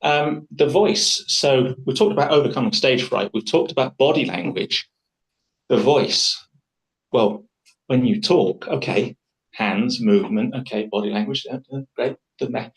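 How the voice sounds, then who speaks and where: Man, workshop leader, live talk to a group, chatty, enthusiastic, rambling restarts, middle pitch. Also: moderate pace, low-quality recording. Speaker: public speaking workshop leader.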